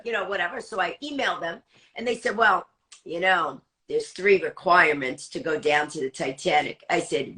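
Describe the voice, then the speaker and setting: A woman stand-up comic telling an anecdote as a guest, fast-talking and acting out the dialogue she quotes. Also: lowish voice, pushed and bright.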